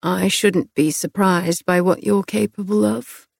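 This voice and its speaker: A woman reading an audiobook, voicing a tall young man who speaks low, hushed and intimate, tender and intent. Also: fairly even intonation, unhurried, creaky, dry recording, studio quality.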